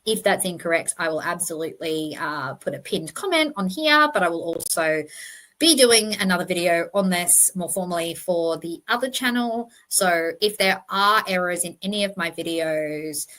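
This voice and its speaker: A woman's voice: lowish voice, lively intonation, moderate pace, fairly bright tone. A woman hosting a true crime channel, giving emphatic, passionate commentary over slides and correcting herself as she goes.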